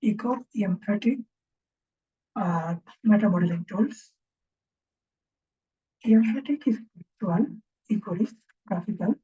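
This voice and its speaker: A woman instructor talks through a lesson in a breathy, husky voice with a dark, mellow tone. She thinks aloud as she goes, pausing and checking in with the class. The recording is dull and lo-fi. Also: medium pitch. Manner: halting, thinking aloud, often ends points with a questioning "right?". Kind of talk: informal recorded lecture.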